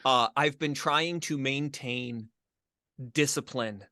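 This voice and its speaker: A middle-aged man from the northern United States, co-hosting a casual podcast chat with a joking, animated manner and quick restarts. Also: medium pitch, no room sound, studio quality. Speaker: podcast co-host.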